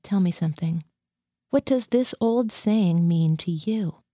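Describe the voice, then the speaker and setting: A woman's voice: on the low side, unhurried, mellow, no echo, studio quality. A woman reading the lines of a male military psychiatrist who questions his patient dryly. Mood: questioning.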